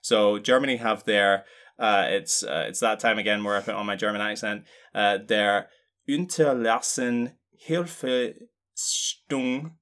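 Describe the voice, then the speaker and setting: A man's voice: on the low side, fairly even intonation, normal speed, bright, forceful tone, smooth. A man co-hosting a casual discussion, explaining points in a wry, joking way. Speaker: podcast co-host.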